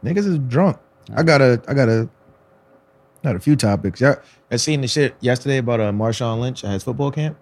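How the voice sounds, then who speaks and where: Animated man telling a story. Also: a little fast. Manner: animated storyteller, acts out quotes with raised pitch. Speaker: podcast co-host. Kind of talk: casual chat.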